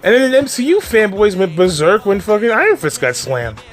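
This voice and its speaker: A man's voice: high-pitched, big pitch swings, a little fast, faint music behind. A man ranting casually about moviegoers and fanboys, exasperated and profane, with frequent laughs and restarts. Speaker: movie commentary vlogger.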